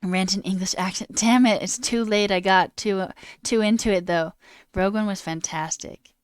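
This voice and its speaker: A woman streamer ranting in a casual, animated way, swearing and mocking voices in quotes. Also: medium pitch, normal speed, smooth, no room sound, studio quality. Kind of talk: casual live-stream rant. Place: home room.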